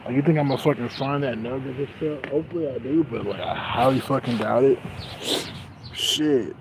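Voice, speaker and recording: A man's voice: medium pitch, a little fast, background noise. Profane young man ranting outdoors. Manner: profane, frustrated, swings loud and quiet. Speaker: livestreamer. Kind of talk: casual rambling livestream. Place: outdoors on grass.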